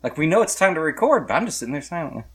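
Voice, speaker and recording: A man's voice: on the high side, big pitch swings, racing. A man acting as game master, narrating a tabletop role-play in a joking, loose way.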